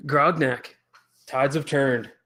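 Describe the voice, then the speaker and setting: A man running a tabletop game as game master, giving relaxed rulings with a dry chuckle. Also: mid-range voice.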